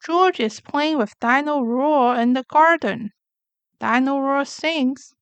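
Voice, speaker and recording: A woman reading a children's picture book aloud with slow, clear, gentle narration. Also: sits high, dry recording, lo-fi sound.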